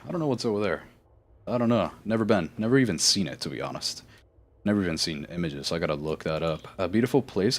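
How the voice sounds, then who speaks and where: Guy with a lowish voice chatting on his game stream, rambly, corrects himself a lot, laughs easy. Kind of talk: casual live-stream chat.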